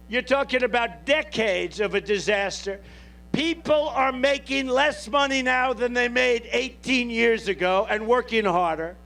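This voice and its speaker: A man's voice: very high voice, pushed and bright. A man making a campaign rally speech at an outdoor airport rally, boastful and repetitive, speaking off the cuff to the crowd. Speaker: presidential candidate at a rally.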